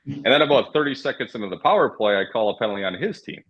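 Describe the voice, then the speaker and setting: A man's voice: medium pitch, quick pace, husky, lo-fi sound. A man, a former hockey referee, telling casual, profane stories as a podcast guest. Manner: profane, animated anecdotes. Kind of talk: casual storytelling.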